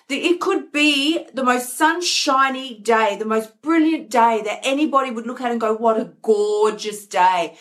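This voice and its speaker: A woman's voice: fairly high pitch, fairly bright tone. A woman hosting her own show, talking candidly and emotionally, repeating words for emphasis. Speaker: podcast host. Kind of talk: candid personal talk. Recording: live stream.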